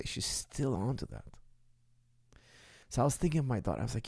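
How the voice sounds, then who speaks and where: A man's voice: medium pitch, very animated, brisk, gravelly, long pauses, a little mellow, no echo, studio quality. A man in his forties, a martial arts coach, answering viewer questions in an emphatic way and often checking in with "okay?". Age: 40s.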